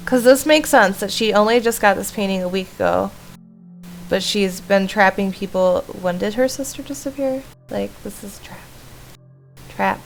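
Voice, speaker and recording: A woman's voice: medium pitch, moderate pace, vocal fry, soft background music, low-quality recording. A woman streamer chatting casually with asides while she reads a horror game aloud. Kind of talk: casual live-stream commentary.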